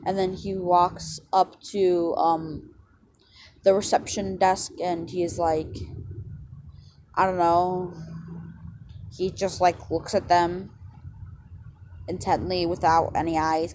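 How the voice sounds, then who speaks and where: A woman's voice: fairly low pitch, darkish tone, a little hiss or hum, rough recording. A woman vlogger rambling through a casual story with lots of fillers and self-corrections. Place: outdoors near home.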